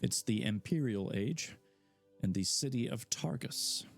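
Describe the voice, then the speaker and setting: Male reader, mid-pitched, casual asides, faint music behind. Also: expressive, a little slow, gravelly. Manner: casual asides between narration. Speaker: audiobook reader. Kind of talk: live reading of a fantasy novel.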